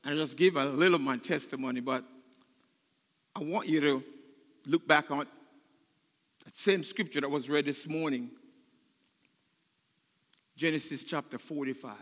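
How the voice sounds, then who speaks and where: Fervent older male pastor, bright voice. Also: on the high side, moderate pace, long pauses, big-room sound. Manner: emotional, building to loud fervent preaching. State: choked up. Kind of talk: sermon. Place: church sanctuary.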